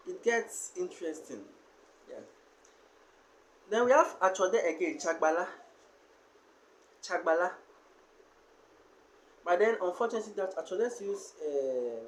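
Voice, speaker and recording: A language teacher giving a spoken lesson on pronunciation, explaining slowly and pausing often with fillers. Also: medium pitch, a little hiss or hum, poor audio.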